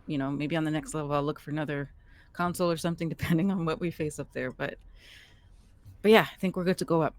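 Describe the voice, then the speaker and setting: A woman with a notably low voice plays in a tabletop game session. She thinks out loud, hesitating and pausing before each choice. The sound is dry and close to the mic. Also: no echo. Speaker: player. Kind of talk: casual tabletop play.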